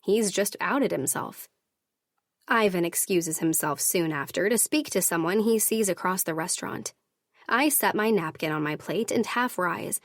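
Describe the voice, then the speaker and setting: Woman audiobook narrator, first-person romance, measured and steady, dead-dry booth. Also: mid-range voice, dry recording.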